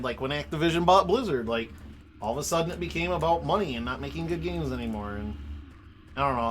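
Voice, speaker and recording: A man's voice: mid-range voice, fairly bright tone, a little hiss or hum. A young man livestreaming a game from his home office, ranting, swearing and laughing as he chats with viewers. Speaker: streamer. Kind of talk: casual gaming livestream chat.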